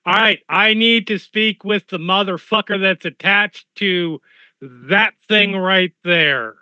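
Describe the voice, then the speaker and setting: A man's voice: high voice, slow pace, pushed and bright, clean tone, no room sound, voice pushed up, full character voice. A man voicing a brash male shapeshifter character in a Midwestern accent, blunt and direct, on a dull lo-fi stream mic.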